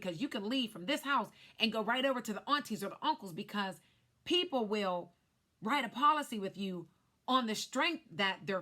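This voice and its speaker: A woman in her thirties, a life insurance agent, telling her story to camera in an animated way while glancing at cue cards. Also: fairly high pitch. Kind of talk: casual talk to camera.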